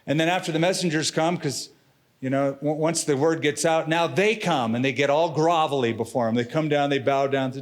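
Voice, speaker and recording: A middle-aged man preaching a sermon as pastor, dramatic and expressive, slipping in casual slang. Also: on the high side, brisk.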